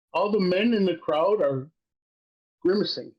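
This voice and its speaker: High-voiced man, profane excitable storytelling. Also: a little slow, husky, dull audio. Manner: profane, excitable storytelling, laughs while recapping. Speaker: wrestling podcast co-host. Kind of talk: casual chat.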